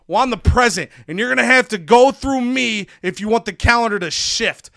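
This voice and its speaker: A man voicing a bitter, boastful veteran male wrestler delivering a loud promo. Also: very high-pitched, a little fast, vocal fry, no echo, studio quality, voice pushed up, heavily acted. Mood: aggrieved.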